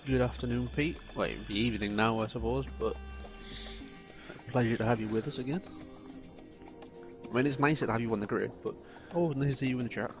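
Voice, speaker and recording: A man's voice: mid-range voice, quick pace, long pauses, music in the background. Dry, easygoing male race co-commentator. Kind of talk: casual live commentary.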